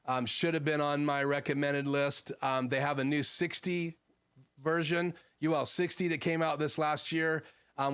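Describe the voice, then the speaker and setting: Male streamer, clear voice pitched a touch high, relaxed gear-talk from a home studio. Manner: conversational, frequent "um" fillers, explanatory. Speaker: livestream host. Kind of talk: casual gear talk answering live chat.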